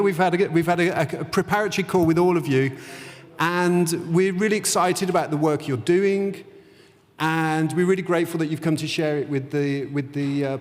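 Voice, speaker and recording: A man moderating a conference panel in an informal, light-hearted way, in a windowless conference room. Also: on the high side. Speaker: session moderator. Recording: long hall reverb.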